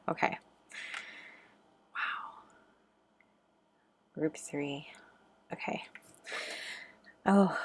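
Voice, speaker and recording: A young woman doing a pick-a-card tarot reading, speaking gently and encouragingly with frequent ums. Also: deep voice. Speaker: tarot reader.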